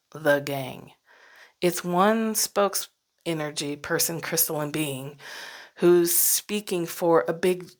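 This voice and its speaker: Woman podcast host, low-pitched, casual reflective monologue, chuckles and soft whispered asides. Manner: casual, laughs often, drops to whispered asides. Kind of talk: reflective solo podcast talk.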